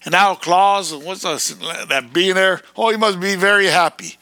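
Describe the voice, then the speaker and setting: A man ranting in a fiery, erratic preaching monologue, breaking into sudden shouted bursts. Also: sits high, normal speed, dry recording.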